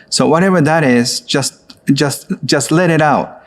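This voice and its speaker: A man who leads a guided exercise in an online course, speaking gently and coaxingly with frequent filler words. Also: on the high side, unhurried. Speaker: course instructor.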